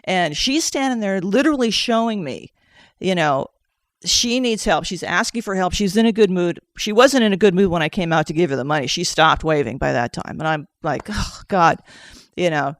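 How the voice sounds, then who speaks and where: A woman's voice: on the low side, no room sound, clean studio sound. A woman telling an emotional personal story, quoting herself and others as she goes. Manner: tears up while telling it. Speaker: session participant sharing a story.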